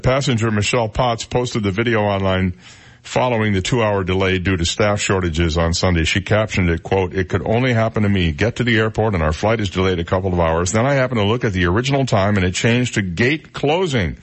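A man's voice: fairly low pitch, a little fast. A man hosting a radio talk show, chatting and joking as he reads out news stories.

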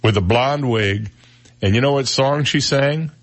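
Wry joking radio host, man. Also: mid-range voice. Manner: wry, joking, drawn-out delivery. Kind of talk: casual radio chat about odd news. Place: radio studio.

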